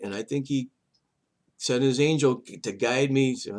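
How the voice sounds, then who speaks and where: In a casual vlog, an older man with a medium-pitched voice relates something from his own life. The delivery rambles, full of energy, with frequent halting restarts.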